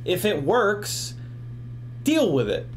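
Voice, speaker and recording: Tipsy, rambling forties man hosting a casual stream; slightly raised pitch, light background hum. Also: wildly swooping pitch, slow pace. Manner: rambling, profane, ranting, laughs often. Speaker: FPV drone livestream host. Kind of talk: casual livestream chat.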